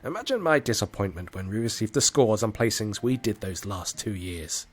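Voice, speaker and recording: A man's voice: fairly low pitch, animated, normal speed, slightly rough, faint music behind. A man voicing a pompous, ambitious teenage boy who leads a clarinet section, speaking in a self-important, speechmaking manner.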